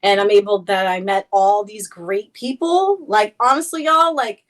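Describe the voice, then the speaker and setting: A woman's voice: mid-range voice, normal speed. A young woman streamer in a casual chat, talking freely with many fillers and a playful tone. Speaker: Twitch streamer, guest.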